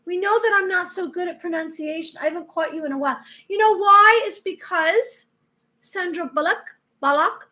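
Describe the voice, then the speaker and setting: Woman host, high pitch, earnest rambling live-stream talk with restarts. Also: normal speed, sharp tone. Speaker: spiritual livestream host.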